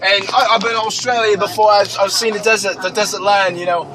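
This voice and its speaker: A man's voice: sits high, steady tone, fast, noisy background, lightly acted. A young man improvising a crude, clueless young British man who rambles, stammers and swears constantly, with a put-on British accent. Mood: rambling. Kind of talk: improvised comedy monologue.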